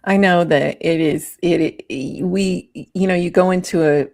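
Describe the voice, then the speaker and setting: Low, gravelly-voiced woman host. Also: a little mellow, no echo, studio quality. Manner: reflective, halting, with restarts. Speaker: magazine editor and podcast host. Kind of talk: podcast interview.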